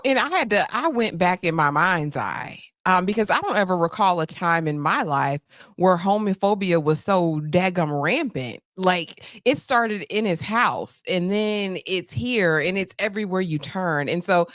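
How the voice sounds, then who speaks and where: Woman co-host, lower register, thoughtful measured delivery, dry close sound. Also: expressive, a bit bright, dry recording. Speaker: co-host reviewing a TV series. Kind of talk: casual review chat.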